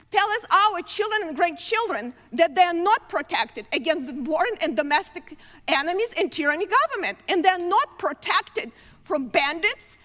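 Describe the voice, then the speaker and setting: An immigrant woman with a foreign accent giving an earnest, halting floor speech in a legislative chamber. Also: extremely high pitch, fairly bright tone. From abroad. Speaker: congresswoman. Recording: long reverb of a large chamber.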